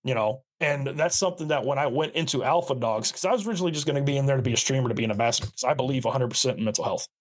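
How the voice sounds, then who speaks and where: A man guesting on a podcast, talking earnestly and swearing casually. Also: medium pitch. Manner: earnest, profane, fast bursts.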